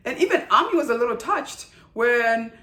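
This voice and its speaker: A woman's voice: on the high side, animated, moderate pace, pushed and bright. A woman giving a casual, emphatic review of a TV drama, often tagging her sentences with "right?" and "okay?". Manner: emphatic, chatty, with frequent "right?" and "okay?" tags. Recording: roomy echo.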